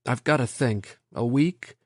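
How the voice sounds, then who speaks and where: A man voicing a quiet, worn-down middle-aged professor who speaks flatly and distantly. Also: mid-range voice, dry recording, clean studio sound, natural voice. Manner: flat, distant, halting.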